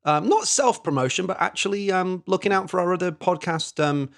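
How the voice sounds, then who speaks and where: A man co-hosting a podcast in casual chat, talking haltingly with many fillers and restarts. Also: high-pitched, lively intonation, gravelly. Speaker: podcast co-host.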